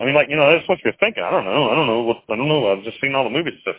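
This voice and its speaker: Interviewed as an author over a phone call from jail, a man talks in a blunt, rambling, casual way. His medium-pitched voice has lively intonation, and he speaks rapid-fire with few pauses. The recording is dry, with a tinny phone line.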